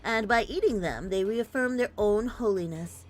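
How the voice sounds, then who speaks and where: A woman voicing a researcher's notes on an old ritual, read aloud in a measured, intrigued way. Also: medium pitch, soft background music, natural voice, low-quality recording. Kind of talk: read-aloud document in a game dub.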